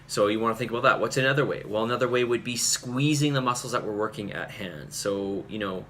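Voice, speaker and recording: A man's voice: mid-range voice, quick pace, sharp tone, a little hiss or hum. A male fitness coach giving an earnest, rambling talk to his group, full of fillers and restarts. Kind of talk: casual talk to camera.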